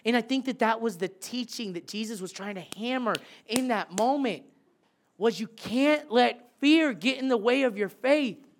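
A man preaching a sermon as a pastor, animated, swinging between loud bursts and hushed, quiet lines. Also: very high voice, normal speed.

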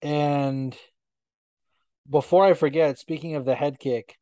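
A man co-hosting a podcast, chatting casually and swearing often as he tells animated stories. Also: a little high, slow, no room sound. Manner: swears often, animated storytelling with quoted asides. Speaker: podcast co-host. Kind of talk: casual chat.

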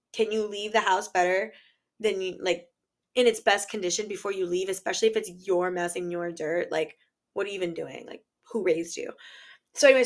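A woman's voice: medium pitch, fairly bright tone. A woman in her twenties tells a storytime vlog in a chatty, exasperated way. She keeps slipping into quoted back-and-forth, playing herself and the other side. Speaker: vlogger.

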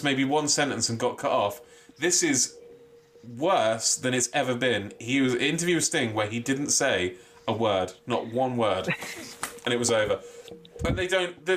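A man co-hosting a casual wrestling chat, animated and swearing freely. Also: medium pitch, a little hiss or hum. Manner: animated, swears a lot, mimics people he quotes. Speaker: wrestling podcast co-host.

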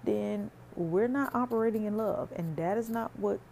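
A woman's voice: mid-range voice, normal speed, gravelly, mellow, a little hiss or hum. A woman hosting a faith podcast, speaking earnestly and conversationally, preaching straight to her listeners. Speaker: podcast host.

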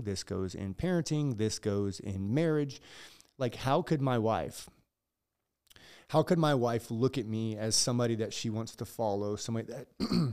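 A man's voice: medium pitch, dark tone. A man who is a gym owner, speaking as a podcast guest, earnest and reflective in casual chat.

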